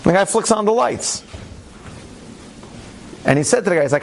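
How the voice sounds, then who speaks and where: This rabbi has a high, creaky voice and tells a story at normal speed in an animated, conversational way, acting out the quotes. There's slight background noise.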